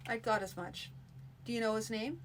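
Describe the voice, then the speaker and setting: A woman voicing a stern, commanding male baron in a read-aloud fantasy story, with a measured, dry manner. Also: a little high, a little hiss or hum, close to an everyday voice, poor audio.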